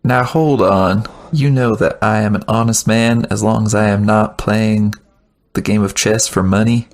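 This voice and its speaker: A low, gravelly Southern drawl belongs to a cowboy who hustles at chess but swears he never cheats, as a man puts him on. He is slow and deliberate, easygoing, and a bit of a pushover in a tabletop game. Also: steady tone. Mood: earnest. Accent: put-on Southern US. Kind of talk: tabletop role-play.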